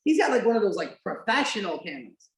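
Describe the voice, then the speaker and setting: A woman's voice: medium pitch, big pitch swings, fast. A woman hosting a podcast, chatting casually and animatedly during a watch-along, with lots of "like" fillers and the odd swear. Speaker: podcast host. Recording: roomy echo.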